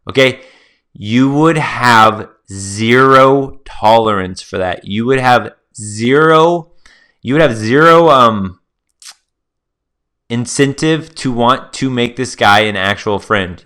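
A man's voice: mid-range voice, takes it slowly, bright, forceful tone, smooth. A man hosting a solo podcast, telling stories in a chatty, casual way and talking straight to his listeners. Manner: chatty, storytelling, addresses listeners as guys. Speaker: podcast host.

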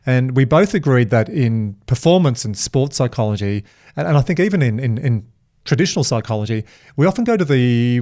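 A man's voice: medium pitch, darkish tone. A man hosting a casual podcast conversation. He talks with energy and slips into little acted-out quotes as he tells his stories. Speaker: podcast co-host.

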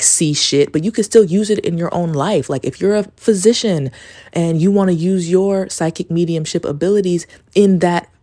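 A woman's voice: lowish voice, warm tone, no echo, studio quality. A woman hosting a casual solo podcast, telling a story in a rambling way. She fills her talk with "like" and swears casually. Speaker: podcast host.

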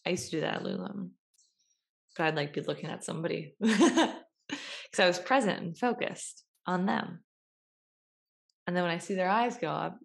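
A young woman giving a casual motivational talk, chatty, acting out everyday scenes with quick voice changes. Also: fairly low pitch, animated, creaky. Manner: chatty, acts out little scenes with quick voice shifts.

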